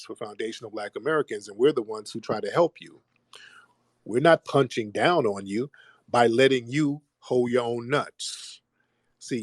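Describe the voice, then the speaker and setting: A man runs a call-in show and argues hard, talking over callers and saying things twice. His voice sits at a middle pitch. The sound is dry and close. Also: no echo. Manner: forceful, repeats himself, cuts callers off. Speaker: host of a call-in audio show. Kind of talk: argumentative call-in talk.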